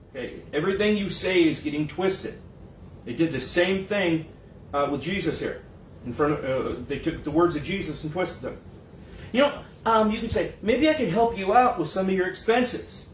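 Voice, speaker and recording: Pastor, male, talky sermon delivery, slightly high voice, recorded off-mic in a reverberant hall. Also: animated, normal speed, a little hiss or hum. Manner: conversational preaching, acts out quoted voices. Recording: echoey room, mic at a distance.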